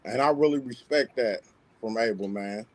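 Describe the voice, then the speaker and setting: A man's voice: medium pitch, normal speed. A man giving confident, emphatic fight opinions in casual sports chat. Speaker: panelist on a sports talk stream.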